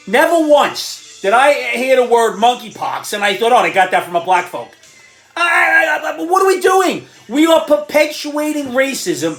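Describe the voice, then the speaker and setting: A middle-aged man with an Irish accent hosting an opinion commentary show, ranting indignantly and sarcastically, often stumbling over restarts and bursting into shouting. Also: very high voice, roomy sound.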